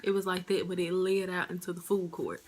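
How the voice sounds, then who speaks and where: A woman's voice: on the low side, a little fast. Chatty woman telling a storytime. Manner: animated, chatty, talks straight to her viewers. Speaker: vlogger. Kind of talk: casual storytime vlog.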